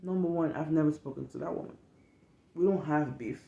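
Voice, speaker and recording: A young woman from West Africa telling a casual storytime rant as a vlogger, animated and profane, acting out what people said. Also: sits low, a little fast, creaky, reverberant, muffled recording. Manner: animated, profane, emphatic, acts out quotes.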